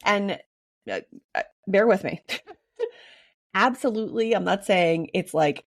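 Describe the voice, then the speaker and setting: A woman in her thirties hosting a casual solo podcast, slightly raspy and hoarse while recovering from illness, chatty with frequent ums. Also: mid-range voice, unhurried, no room sound, studio quality. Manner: chatty, frequent ums, laughs between thoughts. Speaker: podcast host.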